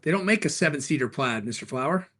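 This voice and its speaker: A little high and fairly bright, this middle-aged man's voice is animated as he hosts a live stream. The car dealer answers viewer questions in a joking, upbeat way, responding fast to the chat.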